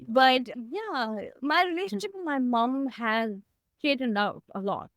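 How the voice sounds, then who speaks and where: A woman's voice: high-pitched, animated, unhurried, a bit bright, no echo. A woman guest talking candidly and emotionally about her past in a personal conversation, close to tears at times. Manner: heartfelt, emotional, reflective. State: tearing up.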